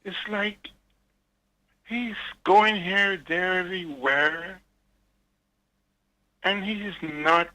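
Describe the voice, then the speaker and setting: A man's voice: high-pitched, extremely slow, pauses often, bright, forceful tone, poor audio. An older man calling in to a radio show, pleading earnestly and repeating "sir". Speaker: caller. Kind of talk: pleading call-in remarks.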